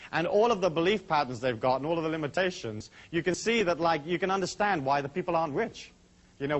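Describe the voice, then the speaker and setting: Fast-talking man leading a seminar. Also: a little high, a bit bright. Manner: brisk, chatty, full of asides. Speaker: seminar speaker. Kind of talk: talk to a live audience.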